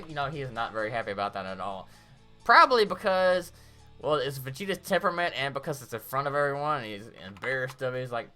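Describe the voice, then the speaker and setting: Low, lively woman recapping an episode. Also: soft background music. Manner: rambling, animated recap with quick acted-out quotes. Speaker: anime episode reviewer. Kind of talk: casual episode review.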